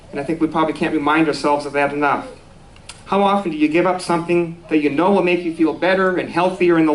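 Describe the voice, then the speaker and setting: A man's voice: a little high, low-quality recording. A man giving a conversational sermon at a spiritual center, easygoing and self-deprecating, with restarts and small laughs.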